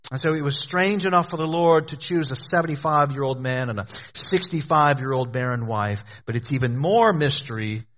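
A man's voice: moderate pace, hardly any pauses. Earnest man preaching a sermon. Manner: earnest, exhorting, drops low and quiet for emphasis. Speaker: pastor.

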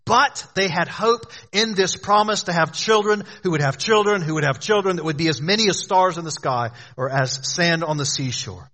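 A man pastor preaching an earnest, exhorting sermon, often dropping low and quiet for emphasis. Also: moderate pace, hardly any pauses.

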